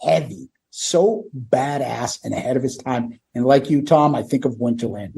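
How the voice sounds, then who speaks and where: A podcast co-host with a creaky, mellow, mid-range voice chats casually at a moderate pace about a live album in a music review. He's blunt and profane, reads from notes with timestamps, and mimics the stage banter.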